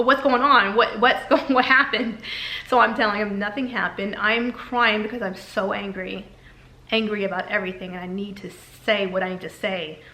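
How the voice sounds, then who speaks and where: A woman's voice: medium pitch, bright, forceful tone. A woman candidly telling a personal story in a vlog, emotional and repeating herself as she talks. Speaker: vlogger. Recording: echoey room.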